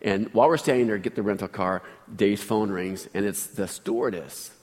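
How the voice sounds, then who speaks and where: A man's voice: fairly low pitch, moderate pace, a little mellow, long reverb tail. Chatty storytelling male pastor. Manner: storytelling, chatty, asks the congregation questions. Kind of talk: sermon.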